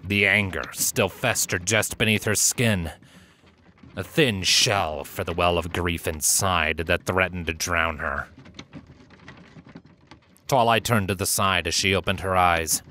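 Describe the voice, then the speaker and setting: A man reading a fanfiction story aloud with steady, dramatic narration. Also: low-pitched, measured pace, a little hiss or hum. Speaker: narrator and reader.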